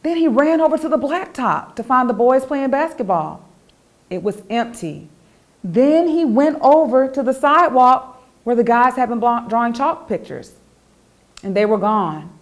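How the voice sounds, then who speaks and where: A woman, the author, reading her children's picture book aloud in an expressive, animated storytelling voice. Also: fairly high pitch, moderate pace.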